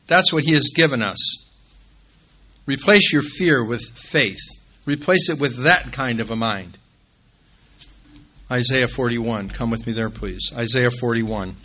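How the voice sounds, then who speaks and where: A man preaches a sermon in a church with a bright, forceful tone. His voice climbs to emphatic peaks on key phrases. It falls low and soft whenever he names the next passage. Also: a little slow. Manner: rises to emphatic peaks, drops low and quiet when calling out scripture references. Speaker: pastor.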